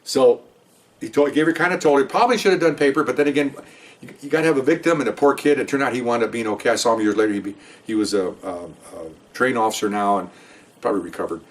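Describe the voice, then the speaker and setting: A man's voice: mid-range voice, quick pace. Older guy, retired detective, rambling through an old story, mic a bit far off. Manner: rambling, conversational, with many asides. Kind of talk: casual storytelling.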